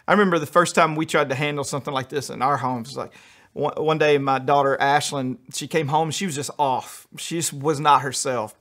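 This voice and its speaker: Quick, joking pastor. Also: male voice, on the high side, fairly even intonation, fairly bright tone. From United States. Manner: humorous, quick storytelling with acted-out quotes. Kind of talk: sermon.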